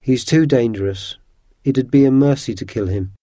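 A man's voice: medium pitch, normal speed, dark tone, no echo, studio quality, close to an everyday voice. A man reading an earnest, cautious man.

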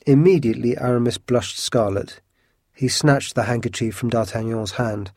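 A man reading an adventure story aloud as an audiobook in a steady, measured voice. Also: mid-range voice, no room sound, studio quality. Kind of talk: audiobook narration.

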